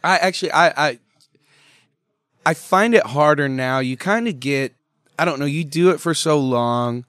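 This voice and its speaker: A young man talking as a guest in a casual, joking interview, laid-back and quick to laugh, swearing often and answering with a polite "yes, ma'am". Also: fairly high pitch, fairly bright tone, dry recording, clean studio sound.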